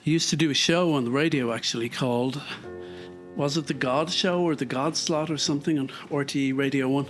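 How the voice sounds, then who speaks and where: A man's voice: medium pitch, brisk, soft background music. An Irish man thinking aloud while walking on a treadmill, reflective and rambling, with lots of fillers. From Ireland. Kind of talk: casual thinking-aloud monologue.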